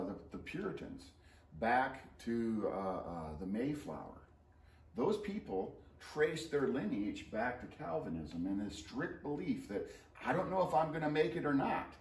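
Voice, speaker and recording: A man teaches history in a loose, conversational lesson shared with a colleague, and his voice rises and falls with animated, joking energy. He sounds set back from the microphone, and the room around him rings noticeably. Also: medium pitch, unhurried. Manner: animated and joking, playful asides. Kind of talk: casual co-taught history lesson. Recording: roomy sound, mic at a distance.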